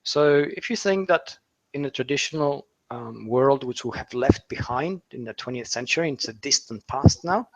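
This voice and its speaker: A man's voice: mid-range voice, animated, moderate pace, low-quality recording. A man explaining online concepts in a talk, with frequent fillers, restarts and rhetorical questions. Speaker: SEO author and speaker.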